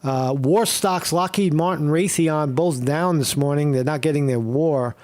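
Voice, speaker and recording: A man's voice: a little high, measured pace, a little mellow. A man hosting a livestream, ranting in a heated, profane way and repeating himself with many fillers. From Northeast Pennsylvania. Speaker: streamer host.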